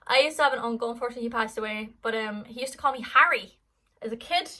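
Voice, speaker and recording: Bright, chatty Irish young woman. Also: a little high, rapid-fire, low-quality recording. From Ireland. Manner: rambling, chatty, full of fillers. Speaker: singer answering fan questions. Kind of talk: casual Q&A vlog.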